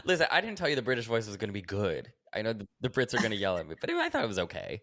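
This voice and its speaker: A male podcast host in casual commentary. His low voice swings up and down as he makes sarcastic points, filled with "like". The sound is dry and close. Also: racing, hardly any pauses, no echo. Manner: sarcastic, animated, uses lots of "like".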